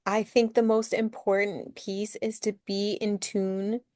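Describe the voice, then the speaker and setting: A woman's voice: medium pitch, level tone, measured pace, darkish tone, dry recording, studio quality. A woman business coach as a guest, earnestly explaining her work with many fillers.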